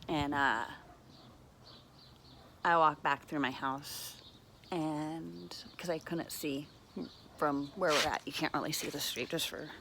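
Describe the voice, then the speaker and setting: Low-voiced woman telling a hard story. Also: background noise. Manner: halting, earnest retelling with many fillers. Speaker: mother recounting a personal ordeal. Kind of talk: personal storytelling vlog. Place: at home, walking around the house.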